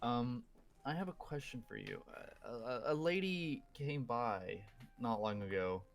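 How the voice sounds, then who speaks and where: A man playing a tabletop game, talking in a halting way with stumbling restarts. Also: mid-range voice. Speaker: player.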